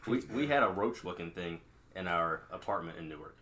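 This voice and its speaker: A man's voice: low voice, fairly quick. A man from New co-hosting a podcast, telling stories with a laugh. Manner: lively, laughing storyteller. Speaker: podcast co-host. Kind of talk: casual chat.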